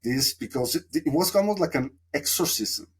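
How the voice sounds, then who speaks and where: Animated and husky, this man's slightly high voice keeps a moderate pace. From Mexico, he appears as a podcast guest in a casual storytelling interview, reflecting at length and rambling with frequent fillers.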